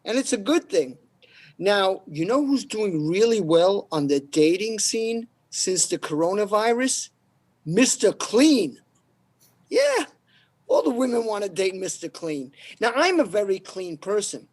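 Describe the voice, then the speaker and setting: A man doing stand-up one-liners at an open mic, with a deadpan delivery and pauses before each punchline. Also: sits high. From New York.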